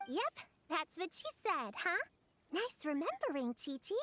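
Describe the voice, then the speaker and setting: A cheerful, caring little girl from a video game chirps along in a high, sing-song voice. Her pitch skips up and down with lively delight, over faint game music. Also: measured pace, a little hiss or hum, heavily acted. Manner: bright, bouncy, sing-song.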